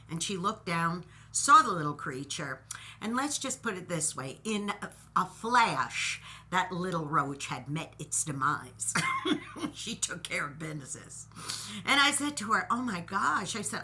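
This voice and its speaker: A middle-aged woman with a very bright, forceful voice tells a story from her own day. Her pitch swings widely as she talks, and she speaks to her listeners as boys and girls, like a teacher with a class. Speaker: host. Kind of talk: casual storytelling monologue.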